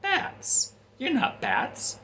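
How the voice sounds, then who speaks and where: A man voicing a giggling male villain clown in a high, taunting singsong. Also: wildly swooping pitch, extremely slow, bright, forceful tone, slight background noise, exaggerated voice.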